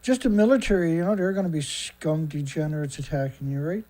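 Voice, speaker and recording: A man hosting a show, chatting on a call with quick interjections and restarts in a casual, conversational way. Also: on the high side, expressive, mellow. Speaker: show host. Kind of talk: casual phone talk.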